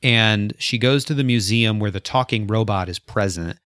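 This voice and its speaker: A man co-hosting a casual book discussion, retelling scenes in an animated way and acting out the characters' lines. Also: fairly low pitch, moderate pace, dry recording, studio quality. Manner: animated storyteller, acts out quotes. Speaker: podcast co-host.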